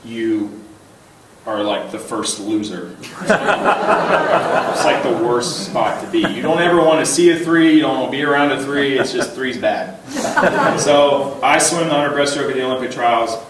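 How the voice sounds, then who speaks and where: A man in his thirties giving a humorous banquet speech, telling personal stories in an animated way, chuckling often and repeating words as he starts a thought. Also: mid-range voice, noisy background. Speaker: banquet keynote speaker. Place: large banquet hall. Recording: very echoey hall, voice heard from a distance.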